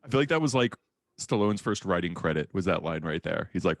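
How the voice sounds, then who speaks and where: A man's voice: sits low, animated, fast talker, gravelly, no echo, clean studio sound. A man co-hosting a podcast, making wry, sarcastic remarks about movies in a casual chat. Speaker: podcast co-host.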